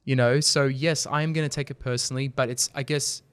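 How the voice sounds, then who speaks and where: A man's voice: mid-range voice, a little fast, clean tone, no room sound. A man, a podcast guest, talking earnestly in a casual interview and telling stories. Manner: earnest, storytelling, animated when making a point. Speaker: podcast guest, video company founder.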